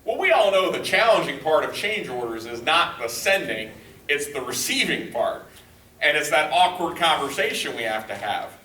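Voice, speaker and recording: A man running a workshop session with a bright, forceful voice that rings in a large echoey room. He is picked up from a distance, with faint room ambience behind him, and acts out the quotes he tells as he talks. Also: fairly high pitch, normal speed, slight background noise. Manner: lively, conversational, acts out quotes. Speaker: workshop trainer. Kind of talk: corporate training seminar.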